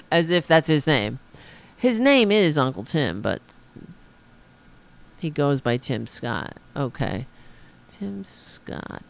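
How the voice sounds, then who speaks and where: A middle-aged woman with a very deep, creaky voice hosts a political commentary podcast. She rants angrily and swears a lot.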